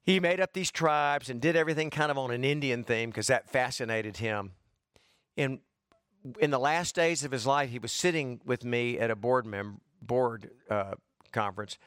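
A man preaching an expository sermon, talking conversationally with his congregation, calling on people by name and rising in pitch for emphasis. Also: moderate pace, clear, resonant tone, dry recording, clean studio sound. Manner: conversational, calls on congregants by name, frequent "okay?" checks; animated, rises in pitch for emphasis. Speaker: pastor.

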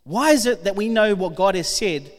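A man's voice: sits high, animated, normal speed. A man preaching a sermon, reading scripture aloud and acting out the figures' lines with animation. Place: church hall. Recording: long hall reverb.

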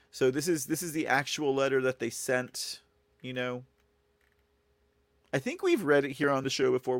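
A man's voice: medium pitch, creaky, no echo. A man hosting a live-stream news commentary show, talking casually and rambling to his viewers. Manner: rambling, casual, talks to viewers and thanks chat. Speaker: show host.

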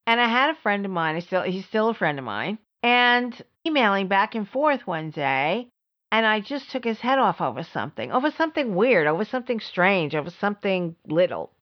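A middle-aged woman hosting a podcast, telling a personal story in an emphatic way, repeating words for stress and swinging between high and low. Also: big pitch swings, normal speed. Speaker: podcast host. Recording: slightly dull lo-fi audio.

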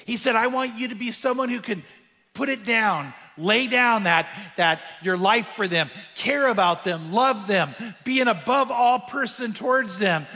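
A man preaching a sermon. He tells a quiet, hushed story and then rises into emphatic preaching. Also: animated, unhurried, long reverb tail. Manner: drops to a hushed, quiet voice when telling a moving story; rises to higher, emphatic preaching when making points. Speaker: pastor.

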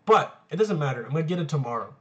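Young man, college age, a bit high-pitched, rambling casual storytelling, crude, constant swearing and fillers. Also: animated, rapid-fire, muffled recording. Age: young adult. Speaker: college student telling a story.

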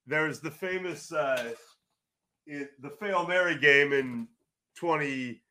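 A middle-aged man from California, a sports journalist and guest, telling loud, rambling stories in casual podcast chat. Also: a little high, slow pace, slight background noise. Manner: animated storyteller, loud, rambling with restarts.

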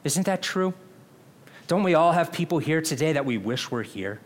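Pastor guy preaching, fairly high voice, talky and earnest, keeps asking the room questions. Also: lively intonation, moderate pace. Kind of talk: sermon.

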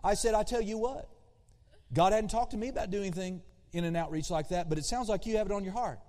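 A man preaching a sermon as a pastor, animated, swinging between loud emphasis and hushed asides. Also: high voice, fast talker. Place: church sanctuary. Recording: long hall reverb.

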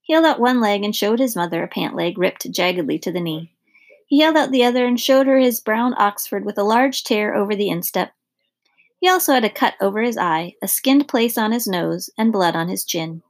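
A woman narrating a children's storybook in an expressive storytelling manner. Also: medium pitch, a little fast.

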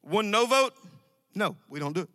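A man preaching a sermon to a congregation, emphatic and repetitive, with sudden loud outbursts. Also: sits high, animated, moderate pace. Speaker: pastor. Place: church sanctuary. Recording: dry sound with long hall reverb.

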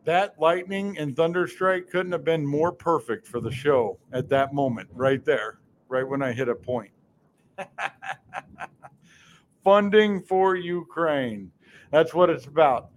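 A man's voice: on the high side, unhurried, a little hiss or hum. A man hosting a political talk show, delivering sarcastic, mocking commentary.

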